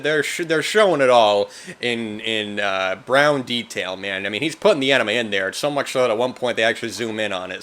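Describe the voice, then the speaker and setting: A man hosting a film podcast, reviewing in a loose, rambling casual talk, often tossing in "man" and getting animated when he mimics reactions. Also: medium pitch.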